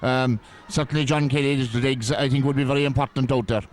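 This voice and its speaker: Hesitant Irish co-commentator. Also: male voice, medium pitch, fairly even intonation, fairly quick. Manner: hesitant, repeats words. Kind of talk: match analysis.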